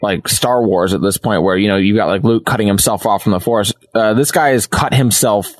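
A man co-hosting a podcast in casual chat, relaxed and talky with frequent fillers. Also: fairly low pitch, fairly quick. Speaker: podcast co-host.

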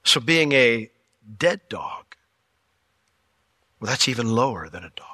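A man preaching a sermon as pastor, telling the story with jokes and lively asides. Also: medium pitch, measured pace, dry recording. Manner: animated, joking storyteller.

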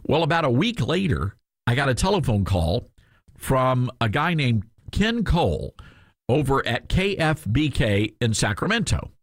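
A man's voice: mid-range voice, sing-song, unhurried, no room sound. A male talk radio host with a Southern US accent, telling a rambling story full of fillers and restarts into a studio microphone.

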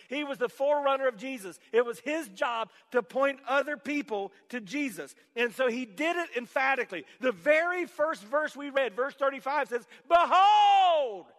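Pastor guy preaching, voice up high, drops quiet then shouts, lots of hall echo. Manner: swings from hushed to shouted emphasis; leads call-and-response with congregation. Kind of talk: sermon. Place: church sanctuary.

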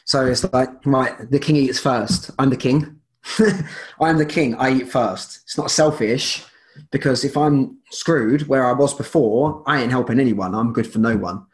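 A man's voice: medium pitch, moderate pace. A man speaking as a guest in a casual interview, rambling with many restarts and fillers.

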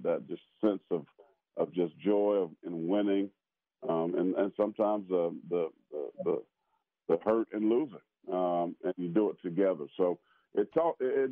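A man's voice: deep voice, no room sound. A man from South Carolina, a pastor and former football player, talking casually with many restarts and fillers. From South Carolina, USA. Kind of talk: casual conversation. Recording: tinny phone-like line.

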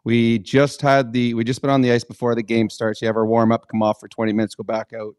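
A man who used to play pro hockey, co-hosting a radio show and calmly recounting a hard day from his career. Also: mid-range voice, fast, smooth, no echo, studio quality. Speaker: co-host, former hockey player. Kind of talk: casual storytelling.

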